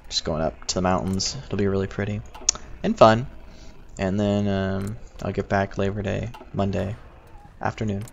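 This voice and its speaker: A man's voice: low voice, creaky. A young American man chatting casually on a game livestream, rambling and answering his chat. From United States. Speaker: livestreaming gamer. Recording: dull lo-fi stream audio with faint noise.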